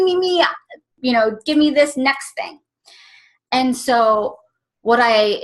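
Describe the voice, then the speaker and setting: A woman in her thirties speaks as a parenting coach in a casual vlog. Her voice sits at a middle pitch, and her talk is chatty and full of fillers. She retells everyday moments in an animated way.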